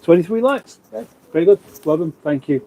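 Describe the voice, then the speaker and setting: A man's voice: a little high, lively intonation, a little fast, dull audio. A middle-aged man from England hosting a casual livestream, rambling on and reading viewer comments aloud. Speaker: livestream host. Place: home room, indoors.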